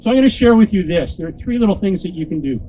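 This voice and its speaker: A man's voice: high-pitched, expressive, racing, mellow, a little hiss or hum, rough recording. A man, a motivational speaker and corporate trainer, giving a joking, crude, rousing speech to a crowd into a handheld microphone.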